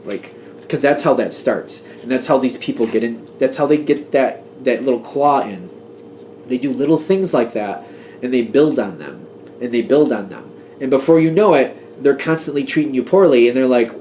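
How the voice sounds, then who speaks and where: A man's voice: mid-range voice, moderate pace, warm tone, a little hiss or hum. A man giving a casual tarot reading, talking in a chatty, emphatic way as he gets worked up and laughs at himself. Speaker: tarot reader.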